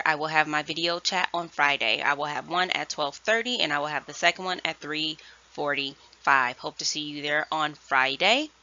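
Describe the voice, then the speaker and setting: A woman first grade teacher giving a virtual lesson, speaking slowly and enunciating clearly. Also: low voice, bright, forceful tone. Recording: dull lo-fi sound.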